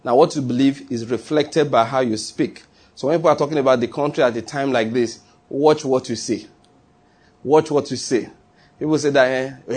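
A man's voice: medium pitch, moderate pace, a little mellow, breathy edge. A middle-aged male pastor preaching a sermon, emphatic and repeating his key phrases.

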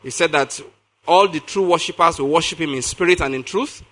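A man's voice: on the high side, a little fast, pushed and bright. A man preaching a sermon, reading scripture aloud, explaining it with emphasis and asking his listeners questions. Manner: emphatic, repeats key phrases, asks the audience questions.

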